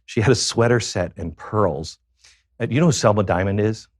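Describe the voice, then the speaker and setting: A man with a fairly low voice recounts a confessional personal story as a guest on a show. He speaks haltingly, pausing often and filling the gaps with fillers. The sound is dry and close, with no room echo. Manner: halting, with many pauses and fillers.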